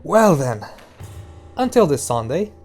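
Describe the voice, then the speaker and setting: A man's voice: a little high, sing-song, slow, darkish tone, faint music behind, pitched above the performer's own voice, exaggerated voice. A man voicing a sulky male drug dealer with a British accent, speaking in a defensive, scornful way. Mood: brisk.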